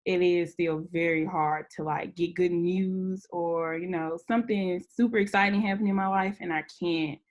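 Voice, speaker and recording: A woman's voice: on the low side, fairly even intonation, moderate pace, few pauses, muffled recording. A young woman from Memphis, a podcast guest, telling a painful family story and fighting back tears. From Memphis, USA. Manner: tearful, laughing to hold back tears. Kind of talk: emotional personal story.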